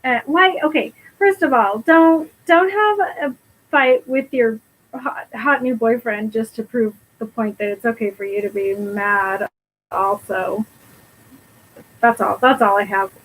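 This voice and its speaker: High-voiced slow-talking woman podcaster. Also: a bit bright, rough recording. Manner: teasing commentary with frequent laughs. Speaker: podcast co-host. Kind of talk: casual chat.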